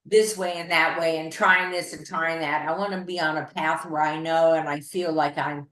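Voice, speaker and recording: An older woman tells a story over a video call in a loose, rambling way, often breaking off and restarting her sentences. Her voice sits on the low side for a woman. The sound is roomy, with noticeable echo around her. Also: fairly even intonation, moderate pace, a bit bright. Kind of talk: casual storytelling.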